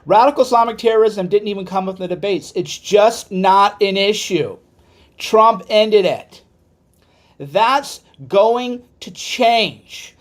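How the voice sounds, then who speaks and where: Angry, profane male commentator. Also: takes it slowly. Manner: profane and heated, swings between raised outbursts and low muttered asides. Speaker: political commentator. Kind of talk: angry livestream rant.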